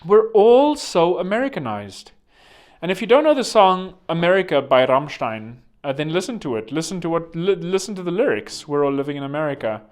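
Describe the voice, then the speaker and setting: A man's voice: high-pitched, big pitch swings, normal speed. A man from South Africa with a South African accent, talking in a rambling, digressive monologue full of sarcastic, mocking asides. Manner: digressive, self-correcting. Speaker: online commentator.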